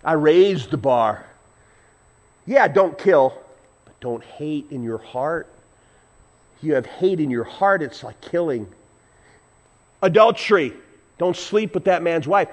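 A man preaching a sermon as pastor, animated and acting out voices, with sudden loud whoops. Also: a little high, takes it slowly, long pauses.

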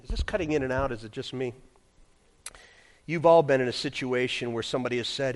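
A man preaching a sermon in a church. He reads scripture loudly and then drops into quiet, joking asides as he tells stories. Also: mid-range voice, a little fast. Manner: animated storytelling, swings from loud scripture reading to quiet asides. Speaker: pastor. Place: church sanctuary.

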